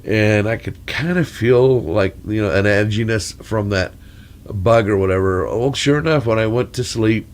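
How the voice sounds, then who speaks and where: A man's voice: fairly low pitch, normal speed. A man with a crackly, congested voice from a cold, rambling through a long mic check with corny jokes and wandering asides. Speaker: storyteller.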